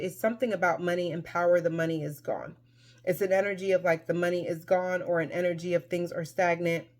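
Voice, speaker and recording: Chatty woman giving a tarot reading. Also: on the low side. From Mexico. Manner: chatty and emphatic, many fillers and restarts. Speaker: tarot reader. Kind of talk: casual tarot reading to camera.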